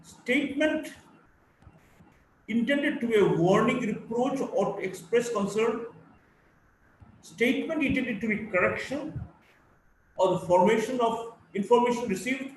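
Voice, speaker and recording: A man's voice: very high-pitched, a little slow, pauses often. A male college lecturer from India with a Bengali-influenced Indian English accent, giving a recorded lecture and reading out terms and examples one after another. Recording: echoey room, from a distance, faint background noise.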